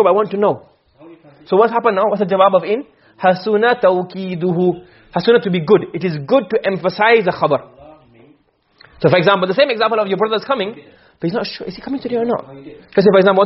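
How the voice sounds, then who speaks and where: A man's voice: high voice, breathy edge. A male teacher giving a classroom lesson on a text, repeating points and checking that students follow. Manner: repetitive, checks understanding often. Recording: dull lo-fi recording.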